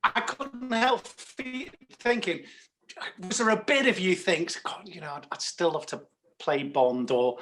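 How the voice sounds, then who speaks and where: A man's voice: sits high, measured pace, fairly bright tone, soft background music. A man hosting an interview, asking enthusiastic questions that often stall and restart. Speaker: interviewer host. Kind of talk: casual interview.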